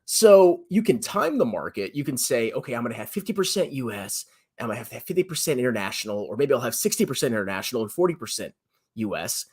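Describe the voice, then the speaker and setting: A man in his thirties giving blunt, sarcastic personal finance commentary on his own channel, often jumping to a high mocking pitch. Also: big pitch swings, fast, a little mellow, husky. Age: 30s. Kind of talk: animated solo commentary.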